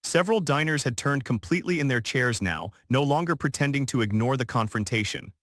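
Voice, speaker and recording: Steady male storyteller, dry close voice. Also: mid-range voice, a little fast, dry recording. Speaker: narrator. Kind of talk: scripted narration.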